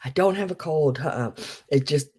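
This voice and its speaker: Slow, low-voiced groggy woman host. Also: expressive, a little mellow. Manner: rambling, greets viewers by name. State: groggy morning voice, just woken up. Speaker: live sale host. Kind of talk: casual livestream chat.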